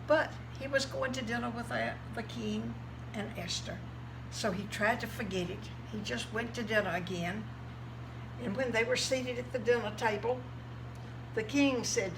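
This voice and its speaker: A woman teaching a children's Bible class, telling the story gently, with fillers. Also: medium pitch, a little slow, noisy background.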